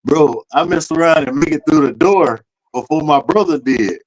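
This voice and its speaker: A man co-hosting a podcast, telling a childhood story in a lively, slangy, profane way. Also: a little high, normal speed, poor audio. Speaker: podcast co-host. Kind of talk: casual storytelling chat.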